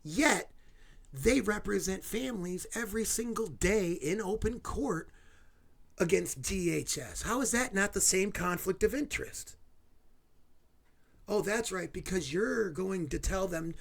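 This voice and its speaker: Angry ranting man with a gravelly voice. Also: sits high, lively intonation, unhurried. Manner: heated, swearing, sarcastic asides. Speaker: video host.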